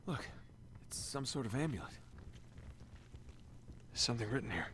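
A man's voice: medium pitch, lively intonation, moderate pace, fairly bright tone, slight background noise, natural voice. An actor playing an older male mentor and treasure hunter with an easygoing, dry delivery in a video game. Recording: game audio under music.

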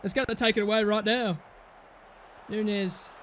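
A young man with a very high voice, yelling and swearing his way through live game commentary. His speech swings between shouting and muttering. There is a faint hum of room noise behind him. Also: moderate pace. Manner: excitable, swearing, commentating on his own match. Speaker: gaming YouTuber.

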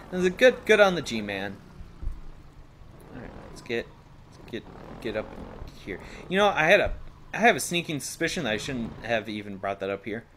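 A man talks his way through a video game at a middling pitch, rambling and playful and quick to laugh at himself. Game sound effects stay clearly audible under his voice the whole way through. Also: very animated, a bit bright, slight background noise. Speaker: let's play host. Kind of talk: gameplay commentary.

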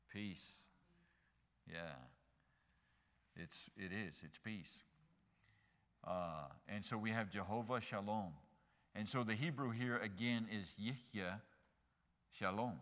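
A male pastor preaching in an animated way, climbing to loud emphatic peaks and tossing joking asides to the congregation. His voice is bright and forward. It rings out with a long reverb through a church sanctuary. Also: on the low side, takes it slowly, pauses often. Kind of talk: sermon.

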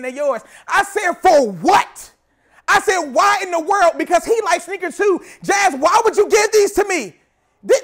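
High-voiced storytelling preacher. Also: male voice. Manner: storytelling preacher, repeats words, builds to shouting. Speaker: pastor. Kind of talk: sermon.

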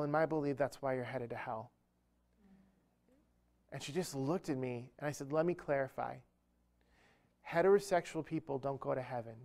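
A man's voice: mid-range voice, gravelly, a little mellow. A man speaking at a church event, telling a humorous, self-deprecating story within a sermon-style talk.

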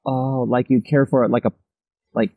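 A man, an author and guest on a podcast, talking reflectively in a relaxed, casual way, full of fillers and quick laughs. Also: medium pitch, no echo, phone-quality sound. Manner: reflective, warm enthusiasm, lots of "like" and quick laughs. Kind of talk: casual interview chat.

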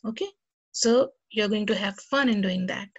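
A woman's voice: medium pitch, normal speed, breathy edge, muffled recording. A woman teaching a lesson to young children and reading them a story, talking to them cheerfully and directly. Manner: cheerful, speaks directly to kids.

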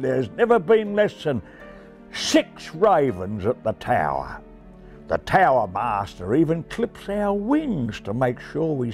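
Man doing a cheeky raven, smug, mocking, bouncy lifted voice, storybook, faint music. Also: mid-range voice. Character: smug know-it-all male raven. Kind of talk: storybook reading.

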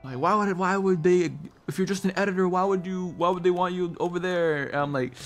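A fairly high-voiced man chats casually while he plays a game on stream. He tells stories with a lot of energy, laughs often and keeps saying bro. Faint game music plays behind him. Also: steady tone, a little fast, hardly any pauses. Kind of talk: casual gaming stream chat.

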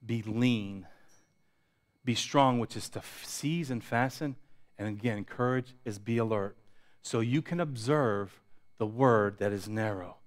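A pastor preaching a sermon, building intensity through repetition and dropping to quiet asides. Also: male voice, lowish voice, measured pace. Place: church sanctuary.

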